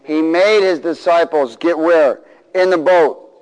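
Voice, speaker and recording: A middle-aged man preaches to his congregation in a voice pitched a little high, calling for responses and acting out the people in his story. His words ring with the long reverb of a large hall. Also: unhurried. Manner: animated, call-and-response, acts out voices. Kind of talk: sermon. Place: church hall.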